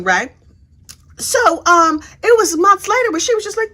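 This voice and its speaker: A woman's voice: high voice, expressive, fast talker, a bit bright. A woman giving a sassy, chatty, casual recap of a trial, acting out the people she quotes. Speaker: true crime commentator. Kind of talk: casual true crime recap.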